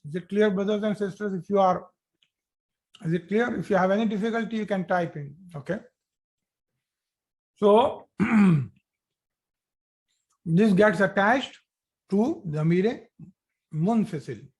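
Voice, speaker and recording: A man with a high voice teaches an online grammar class. He explains at an unhurried pace, repeats key points and keeps checking in with "okay?" as he goes. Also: a little mellow, slightly rough. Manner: slow, repetitive explaining with frequent "okay?" checks.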